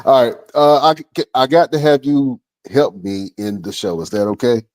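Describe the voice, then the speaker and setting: An excitable man hosts a podcast in loose, slangy chat. His voice sits at a middle pitch, and he laughs readily between lines. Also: moderate pace. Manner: enthusiastic, laughs easily, slangy. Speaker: podcast host. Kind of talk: casual interview chat.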